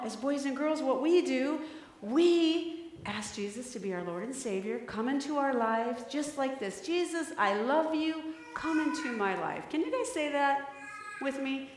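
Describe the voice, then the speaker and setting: A woman giving a children's sermon in a church, coaxing the children with lively questions. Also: sits high. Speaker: children's message leader. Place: church sanctuary. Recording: echoey hall, roomy.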